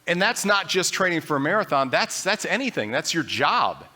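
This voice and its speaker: A man's voice: fairly high pitch, very animated, normal speed, sharp tone. A man preaching a sermon as pastor, speaking earnestly and conversationally and acting out people's doubts in his own voice. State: briefly choked up.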